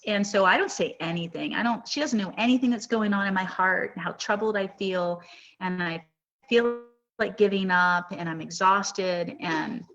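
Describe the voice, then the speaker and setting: A woman's voice: medium pitch, fairly bright tone, dull audio. A woman hosting a live podcast, telling an emotional story in an earnest, rambling way. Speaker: podcast host.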